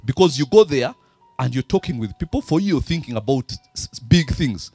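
A man's voice: medium pitch, animated, a little fast, dark tone, slightly rough, no echo, soft background music. A man with a Ugandan accent preaching a sermon, throwing fill-in questions to the congregation. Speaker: pastor.

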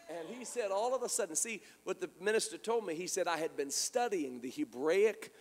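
A man's voice: high voice, moderate pace, long reverb tail. A man preaching a sermon, telling a story and acting out the dialogue, often repeating words as he goes. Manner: animated, repeats words, acts out quoted dialogue.

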